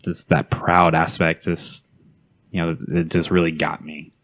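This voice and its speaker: A man's voice: deep voice, completely flat delivery, a little slow, a bit bright. A man appearing as a guest on a podcast, speaking in an earnest, reflective way. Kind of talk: casual chat.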